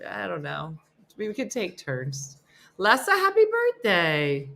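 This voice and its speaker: A woman's voice: on the low side, huge pitch swings, slow pace, vocal fry, bright, forceful tone. A middle-aged woman hosting a casual live stream, chatting and joking as she reads out viewer comments. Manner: chatty and jokey, talks to her dogs and to commenters. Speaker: host of a morning live stream.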